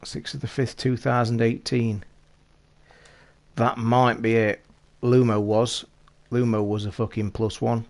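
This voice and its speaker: A British man chatting casually on a live stream, talking to his viewers in an excitable, rushed way and swearing constantly. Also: medium pitch. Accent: British English. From United Kingdom.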